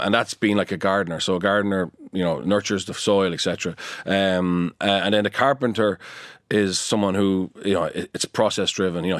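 A man with a deep, low voice talks as a guest in an interview. He is animated and keen, stumbling into restarts and fillers as his thoughts run ahead. The sound is close and dry, with no room around it. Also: no echo. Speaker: guest, performance consultant. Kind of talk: conversational interview.

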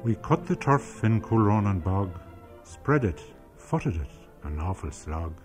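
A middle-aged Irish man, a radio producer, reading his childhood memoir in a measured, lyrical way. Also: fairly low pitch, sing-song, music in the background. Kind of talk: scripted memoir narration and on-location chat.

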